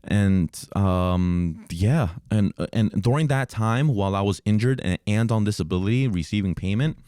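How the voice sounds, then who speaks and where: Young male podcast host, lowish smooth voice, casual rambling storyteller, swears freely. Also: normal speed, mellow, no room sound, studio quality. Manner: casual, profane, rambling with many restarts.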